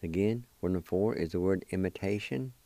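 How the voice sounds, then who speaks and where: A man hosting a radio language lesson, spelling words letter by letter and pronouncing them slowly and deliberately. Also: low voice, mellow, no echo. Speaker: radio host teaching language.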